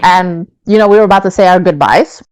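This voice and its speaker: A woman co-hosting a podcast, telling an animated, profane story in casual chat. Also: lowish voice, a little fast, clear, resonant tone, no room sound, low-quality recording. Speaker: podcast co-host.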